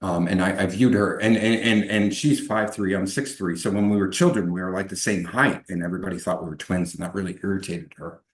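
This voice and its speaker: A man's voice: low voice, steady tone, brisk, few pauses. A middle-aged man telling his own life story as an interview guest, rambling with many restarts and fillers. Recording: echoey room.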